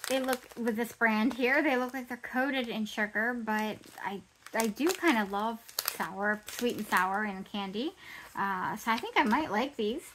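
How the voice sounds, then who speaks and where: A woman's voice: medium pitch, fairly bright tone, poor audio. A woman hosting an unboxing video, chatty and enthusiastic, reading product descriptions aloud with frequent wows and small self-corrections. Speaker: unboxing channel host.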